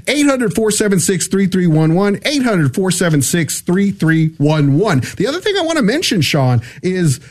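A man co-hosting a Catholic radio pledge drive, energetic and enthusiastic as he keeps repeating the donation phone number. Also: high-pitched, normal speed, few pauses. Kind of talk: radio fundraising appeal.

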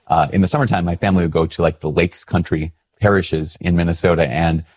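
Husky lowish guy, priest chatting to the camera, tells stories, pokes fun at himself. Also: steady tone, fast talker, darkish tone. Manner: chatty, self-deprecating storytelling. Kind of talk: casual reflective talk to camera.

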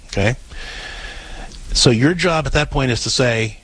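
Man, husky voice, call-in advice host, earnest and explanatory, stumbles on sentence starts. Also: mid-range voice, very animated, a little slow, fairly bright tone, no room sound, rough recording. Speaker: radio advice show host.

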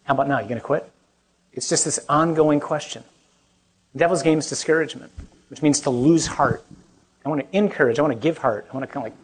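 A man's voice: fairly high pitch, husky. A man, a Catholic priest, giving a conversational talk to a young adult group, asking the audience questions and adding joking asides.

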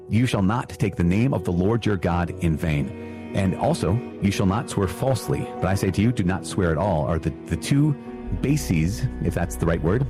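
A man, a priest, teaching the faith in an earnest, casual way, often restarting and correcting himself before leading a prayer. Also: low voice. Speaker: priest and podcast host. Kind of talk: conversational catechism teaching with prayer.

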